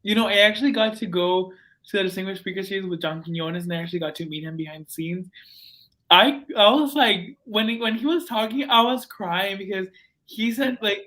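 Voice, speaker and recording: A young man hosting a student podcast, telling stories in an excitable, gushing way. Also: high-pitched, fairly quick. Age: young adult. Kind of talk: casual chat.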